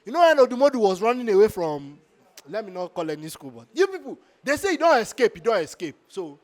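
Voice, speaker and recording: A man's voice: high-pitched, sing-song, quick pace. A man giving an insistent, emphatic football fan reaction on the street.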